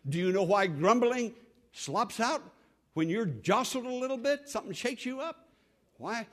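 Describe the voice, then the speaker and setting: A man's voice: extremely high pitch, lively intonation, normal speed. A man preaching a sermon with dramatic, repetitive emphasis, acting out the voices of the people in his story.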